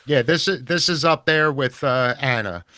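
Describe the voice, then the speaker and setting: A man's voice: mid-range voice, normal speed, pushed and bright, no echo, clean studio sound. A man with a Southern accent co-hosting a podcast, recapping a horror movie in rambling, profane chat. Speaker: podcast co-host.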